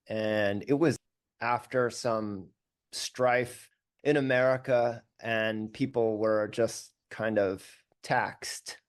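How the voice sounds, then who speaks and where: A man, a musician guest on a podcast, telling stories about his career in a candid, animated, self-deprecating way. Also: fairly low pitch. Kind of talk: casual storytelling interview.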